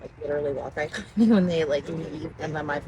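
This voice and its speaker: A woman's voice: deep voice, quick pace. A woman casually telling a story outdoors near water, rambling and giggling and often distracted. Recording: noisy outdoor recording.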